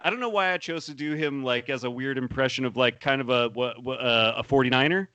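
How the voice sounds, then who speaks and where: A man co-hosting a podcast from home in casual chat, quick, enthusiastic and self-deprecating. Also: mid-range voice, sharp tone, clear, resonant tone, dry recording, highs cut off. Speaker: podcast co-host.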